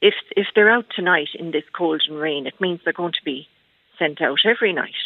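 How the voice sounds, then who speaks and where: A woman from Ireland calling a radio phone-in speaks with a deep, brisk voice and vocal fry, with no echo. The phone line sounds tinny, and her talk is hesitant, packed with fillers and restarts.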